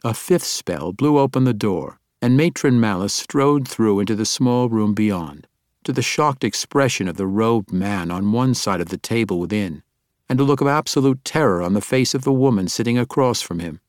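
A man narrating a fantasy audiobook in a measured, even storytelling manner. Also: fairly low pitch, no room sound, studio quality.

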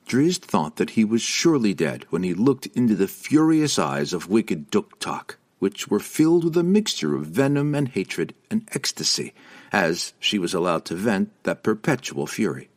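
A man narrating a fantasy audiobook with a dramatic, expressive reading. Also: fairly low pitch, moderate pace.

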